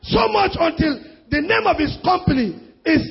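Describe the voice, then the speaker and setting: A male preacher with a Nigerian accent delivering a sermon emphatically, repeating phrases and breaking into shouts. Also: extremely high pitch, animated, normal speed, creaky, faint music behind. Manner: emphatic, repetitive, bursts of shouting. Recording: dull lo-fi sound.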